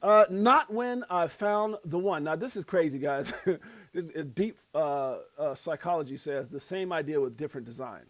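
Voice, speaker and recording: A middle-aged man hosting a crypto livestream in casual chat, hyped and joking as he gives shout-outs. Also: a little high, lively intonation, normal speed, no echo.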